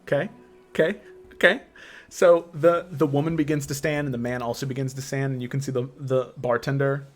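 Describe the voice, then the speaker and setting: A man's voice: medium pitch, fairly even intonation, a little fast, few pauses, darkish tone, faint music behind. A man narrating as game master, describing scenes unhurriedly with many fillers.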